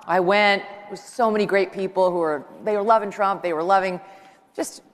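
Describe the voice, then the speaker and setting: Talk show host, woman, mid-range voice, excitable, rambling live speech, long hall reverb. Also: medium pitch, normal speed. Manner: chatty, joking, excitable, rambling asides. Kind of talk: conversational live stage speech. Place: large live event hall with an audience. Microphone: handheld microphone while walking.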